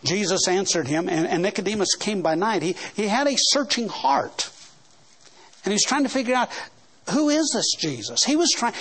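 Man, preacher, high voice, emphatic sermon delivery, repeats words. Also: fairly bright tone. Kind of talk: Baptist sermon.

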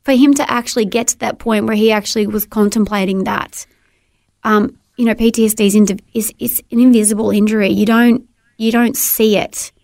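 A woman's voice: medium pitch, steady tone, a little fast, creaky, darkish tone, dry recording, studio quality. A woman telling her personal story as an interview guest, earnest and heartfelt, often restarting her sentences.

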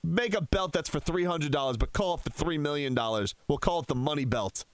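A man's voice: on the high side, a little fast, dry recording, lightly acted. A man doing a brief, loose impression of a boastful, flashy male boxing champion in a dry radio studio. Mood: cocky. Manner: brash and dismissive.

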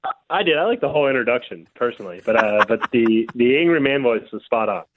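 A man's voice: mid-range voice, fast talker, no echo. Male guest on a tinny phone line. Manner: relaxed, analytical, many fillers like "like". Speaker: sportswriter guest. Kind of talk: radio phone interview.

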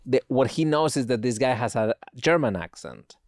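Guest man with a foreign accent: earnest, halting delivery, smooth clean tone, dry close sound. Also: medium pitch, animated, no room sound. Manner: speaks with a noticeable foreign accent; earnest, halting, repeats words. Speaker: podcast guest. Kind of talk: casual chat.

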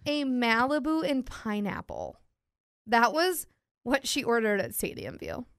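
A young woman from the tells a long story in casual chat, putting on the voices of the people in it. Her voice is smooth and a touch high, and the sound is dry and close. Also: unhurried, dry recording. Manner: animated storyteller, acts out quotes, laughs often.

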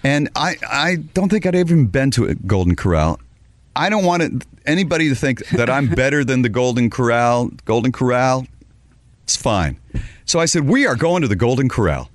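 A middle-aged man co-hosting a talk show and spinning a comic story. His pitch swings widely as he acts out each person in it. He sounds lively and loose. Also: normal speed, dry recording. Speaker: co-host.

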